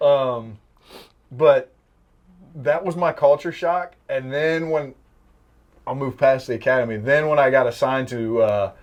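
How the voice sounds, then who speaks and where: Young male firefighter from the Midwest, middle-pitched, casual podcast storyteller who laughs easily. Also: a little slow, long pauses, dull audio. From American Midwest. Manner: anecdotal storyteller, laughs often.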